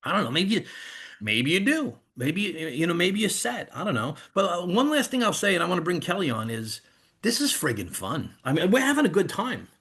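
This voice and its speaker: A man's voice: sits high, very animated, fairly quick, a bit bright, breathy edge. A man in his fifties with a New York accent hosting an online info session in a rambling, conversational way. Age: 50s. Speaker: host. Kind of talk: casual online presentation.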